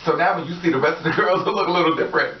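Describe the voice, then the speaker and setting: A woman's voice: lowish voice, rapid-fire, slight background noise. A woman talking to camera in a casual vlog monologue, sassy and profane, laughing often and acting out what people said. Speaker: vlogger. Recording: roomy, distant, dull lo-fi audio.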